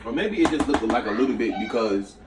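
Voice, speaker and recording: A man's voice: medium pitch, lively intonation, quick pace, distant mic. Slangy New man in an echoey kitchen. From New York. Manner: slangy, chatty, jumps between recipe and stories. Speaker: cooking show host. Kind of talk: casual cooking vlog storytelling. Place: small home kitchen. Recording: echoey room, away from the mic, faint noise.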